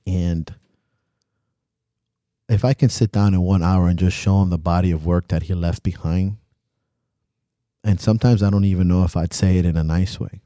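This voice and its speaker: A man's voice: low-pitched, steady tone, normal speed, long pauses, dark tone, dry recording, clean studio sound. A young man co-hosting a podcast, talking bluntly and emotionally, swearing freely. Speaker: podcast co-host. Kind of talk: candid podcast chat.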